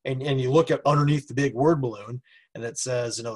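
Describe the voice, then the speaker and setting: Slightly husky male podcast co-host. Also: mid-range voice, brisk. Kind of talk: casual podcast chat.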